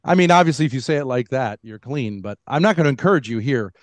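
A man on a debate panel argues his points haltingly, stopping and restarting often. His voice is mid-pitched and the recording sounds dry and close. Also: animated, no room sound. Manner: halting, hesitant, many restarts and fillers. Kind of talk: heated debate.

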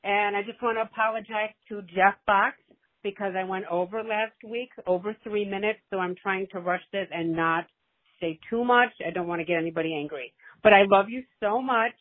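A woman's voice: medium pitch, normal speed. A woman leaving a long, affectionate, rambling voicemail for the host. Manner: gushing and rambling, motherly. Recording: tinny phone voicemail.

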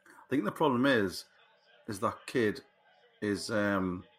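Husky-voiced man. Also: fairly low pitch, animated, slow pace. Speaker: podcast co-host. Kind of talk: casual watchalong chat.

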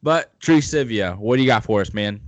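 A man's voice: lowish voice, animated, moderate pace, no room sound. A young man co-hosting a casual sports podcast, upbeat and joking. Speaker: podcast co-host.

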